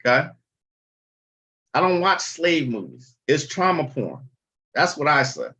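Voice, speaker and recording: A man's voice: on the high side, sing-song, unhurried, sharp tone. Blunt man chatting on a livestream. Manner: blunt, chatty, swears freely. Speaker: livestream host. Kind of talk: casual livestream chat.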